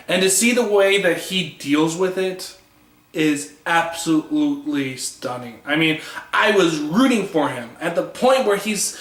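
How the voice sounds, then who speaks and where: A man's voice: on the high side, fairly bright tone. A man giving a casual, enthusiastic comic book review who acts out the lines he quotes. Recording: echoey room.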